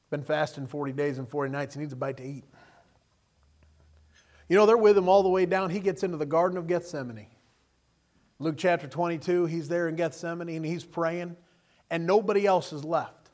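A man preaching a sermon, telling Bible stories with animated delivery and acting out the characters. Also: on the high side, moderate pace, pauses often. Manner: animated storytelling, acting out scenes in character voices.

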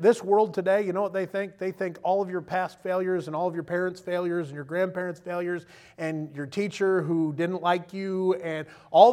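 High-voiced impassioned preacher man. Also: a little fast. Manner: impassioned preaching, swings from quiet to loud; acts out voices of others. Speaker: pastor. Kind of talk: sermon.

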